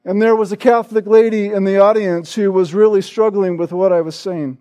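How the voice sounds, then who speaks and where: A man preaching from the pulpit in a strikingly high voice. He drives his points home with emphatic, repeated words and keeps punctuating them with a questioning "right?" to his congregation. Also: fairly even intonation, a little fast, mellow. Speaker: pastor. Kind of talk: sermon.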